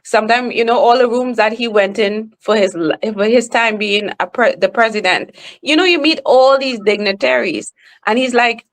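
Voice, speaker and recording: A woman with a Trinidadian accent, a guest on a podcast, talking slowly and emphatically in a casual interview. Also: fairly high pitch. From Trinidad and Tobago. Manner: animated, emphatic, talks slowly. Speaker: podcast guest, professional speaker.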